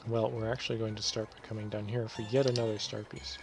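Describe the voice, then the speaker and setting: A man's voice: fairly low pitch, quick pace, hardly any pauses, background noise. A man giving casual, rambling commentary over a video game, often correcting himself as he goes. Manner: relaxed, rambling, self-correcting. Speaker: let's play host.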